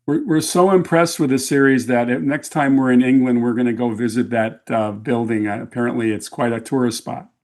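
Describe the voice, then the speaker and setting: A man's voice: medium pitch, steady tone, a little fast, hardly any pauses, darkish tone. A man co-hosting a podcast, asking friendly curious questions in casual chat. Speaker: podcast co-host.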